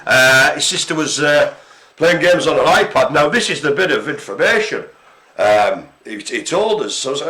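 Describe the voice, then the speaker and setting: A man co-hosting a live care-centre broadcast tells jokey stories in chatty, casual talk with plenty of fillers. His voice is a little high, expressive, bright and forceful, at normal speed.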